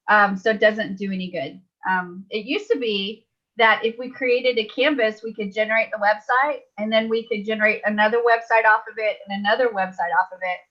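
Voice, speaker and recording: A woman's voice: a little high, highs cut off. A woman leading a live online webinar tutorial, chatty and upbeat, laughing easily. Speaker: webinar trainer.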